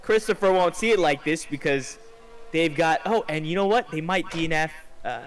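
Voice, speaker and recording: A man co-commentating a sim race, easygoing and quick to agree and laugh along. His voice sits a bit higher than most men's.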